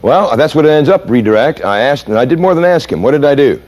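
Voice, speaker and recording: Animated man lecturing with dramatic flair. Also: mid-range voice, fast. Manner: animated, dramatic storyteller, mimics voices and sounds. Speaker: seminar speaker. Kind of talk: lecture with acted examples.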